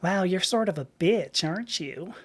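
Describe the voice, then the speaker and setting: A woman's voice: fairly low pitch, animated, normal speed. Woman putting on a chirpy Southern receptionist. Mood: snippy. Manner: chatty, drawling, keeps saying y'all. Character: overly friendly pushy Southern woman receptionist.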